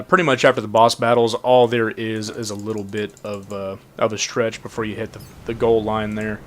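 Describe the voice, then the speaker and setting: A man casually commenting on a game while he plays, matter-of-fact and relaxed. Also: on the low side, a little hiss or hum. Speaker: gameplay commentator.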